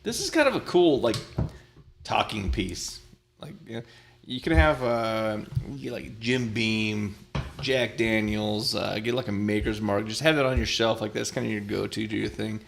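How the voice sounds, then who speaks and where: A man's voice: fairly low pitch, moderate pace, gravelly, a little hiss or hum. A man co-hosting a live bourbon show in casual chat, joking and laughing often. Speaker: podcast co-host.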